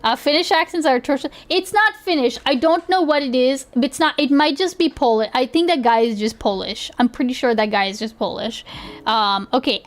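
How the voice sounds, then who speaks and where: A young woman streaming live, chatting casually in a giggly, rambling way with lots of restarts. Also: a little high. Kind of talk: casual livestream chat.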